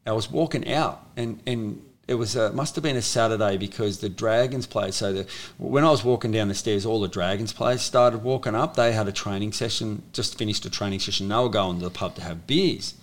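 Gravelly, low-voiced Australian man. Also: fairly quick, hardly any pauses. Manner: rambling, with many restarts and fillers. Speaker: guest, former rugby league player. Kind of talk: casual storytelling interview.

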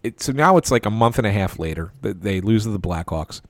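Animated man telling a sports anecdote. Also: lowish voice, brisk, no room sound. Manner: animated anecdote with quoted voices; restarts and stammers. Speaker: sports reporter. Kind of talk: casual storytelling.

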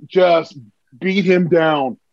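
An animated man with a high voice telling stories, his words tumbling out with excitement. The recording sounds dull and lo-fi. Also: extremely slow. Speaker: podcast guest. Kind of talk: casual storytelling.

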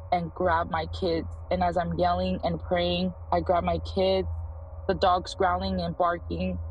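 A woman in her thirties earnestly recounting her own experience in a voicemail, with halting restarts. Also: fairly low pitch, slight background noise, low-quality recording. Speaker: voicemail caller. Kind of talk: first-person story.

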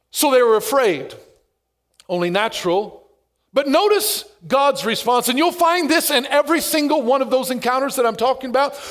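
Man, pastor, sermon, high voice, emphatic slowed phrases, playful asides. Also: expressive, a bit bright.

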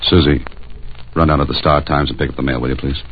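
A man's voice: a bass voice, fairly even intonation, quick pace, background noise. An actor playing a dry, wisecracking tough guy in a 1940s radio drama. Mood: wry. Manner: dry, wisecracking, hard-boiled. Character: wisecracking tough male adventurer. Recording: tinny 1940s radio broadcast.

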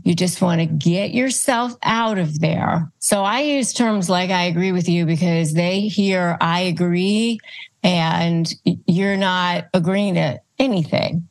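A woman giving calm, step-by-step advice as a guest expert, speaking in a steady, instructive way. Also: mid-range voice. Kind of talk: advice talk, listing tips.

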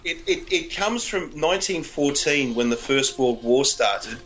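Aussie guy explaining stuff, normal pitch. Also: animated, unhurried, a bit bright, low-quality recording. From Australia. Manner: explaining, informative. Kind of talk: casual chat.

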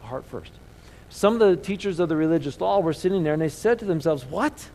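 Preacher guy w a slightly higher voice, casual sermon, keeps asking the crowd to say words back. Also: lively intonation, quick pace, warm tone, poor audio. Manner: call-and-response, asks audience to repeat words; rhetorical questions, conversational preaching. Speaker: pastor.

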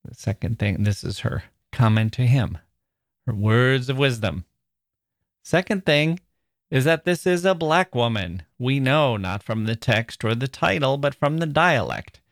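A man's voice: mid-range voice, lively intonation, a little slow, dry recording, studio quality. A man hosting a literary podcast, talking thoughtfully and expressively, often reading aloud with feeling. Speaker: podcast host.

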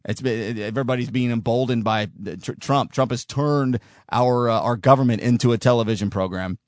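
A man's voice: mid-range voice, brisk, no echo, clean studio sound. A man hosting and producing his own talk podcast, rambling casually with a sardonic edge. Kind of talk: solo talk show monologue.

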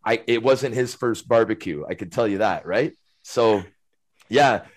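A middle-aged man, a former hockey player, telling stories casually as a podcast guest, rambling and animated, tagging his sentences with questions. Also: on the low side, a little slow. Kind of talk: casual storytelling.

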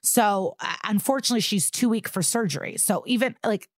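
A woman's voice: medium pitch, fairly quick, no echo, clean studio sound. A woman co-hosting a podcast, recapping an episode in casual chat and acting out the characters' lines. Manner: animated retelling with acted-out quotes and swearing. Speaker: podcast co-host.

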